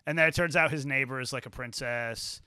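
A man hosting a podcast in casual chat, swearing freely and acting out scenes with quick quoted voices. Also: mid-range voice, pushed and bright, smooth, no echo, studio quality. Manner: profane, rambling, acts out scenes in quotes. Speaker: podcast host.

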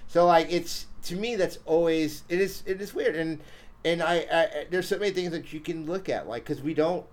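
A man's voice: a little high, moderate pace. A man hosting a podcast in casual chat, rambling with fillers and restarts. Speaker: podcast host.

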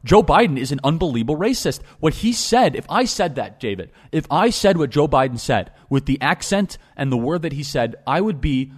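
Young male show host, rapid-fire delivery, emphatic and insistent, repeats points for stress. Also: fairly high pitch, very animated, breathy edge. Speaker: podcast host. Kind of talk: political talk show commentary.

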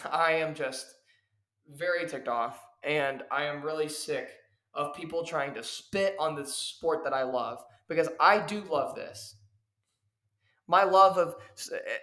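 Recorded in an echoey room, a man with a fairly bright, higher-pitched voice runs his own podcast as a professional wrestler. It's a ranting solo show where he lectures heatedly and preachily, pounding his points over and over.

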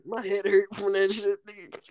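A man's voice: high-pitched, normal speed, dry recording. A man co-hosting a casual chat, telling stories with lots of laughter, swearing and acted-out quotes. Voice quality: animated, laughs often, swears freely.

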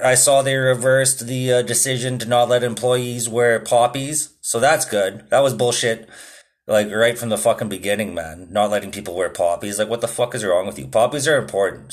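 Laid-back, foul-mouthed podcast man. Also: medium pitch. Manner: swearing, laid-back, loose rambling delivery. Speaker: podcast host. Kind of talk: profane casual podcast chat.

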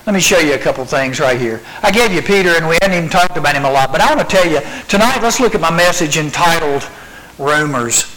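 A middle-aged man preaching to young listeners, his fairly high voice swinging widely in pitch. He acts out quoted lines with animated storytelling. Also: fast talker, low-quality recording. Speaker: youth camp preacher. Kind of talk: sermon.

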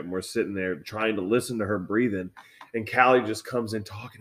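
A young man co-hosting a casual podcast chat, telling stories in a profane, animated way. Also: on the low side, moderate pace. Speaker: podcast co-host.

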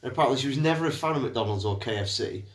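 A man's voice: mid-range voice, lively intonation, racing. A man co-hosting a beer podcast, chatting with dry, wry humour. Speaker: podcast co-host. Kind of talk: casual chat. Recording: roomy echo.

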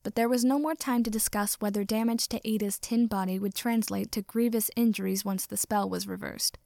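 A woman reading a story aloud as narrator, in steady storytelling narration. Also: mid-range voice, brisk, gravelly, no room sound, clean studio sound.

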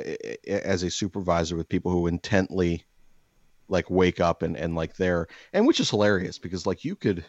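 A man with a very low, deep voice vents on a podcast, rambling and swearing as he goes. The sound is dull and lo-fi in a dry, dead room. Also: no room sound. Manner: rambling, profane, venting with mock-calm outbursts. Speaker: podcast host. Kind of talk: casual chat.

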